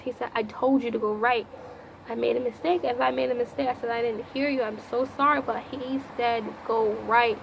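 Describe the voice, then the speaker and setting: A woman's voice: on the high side, gravelly, noisy background. A woman vlogger telling a personal story in a casual, rambling way, often repeating herself and talking aloud to the Lord.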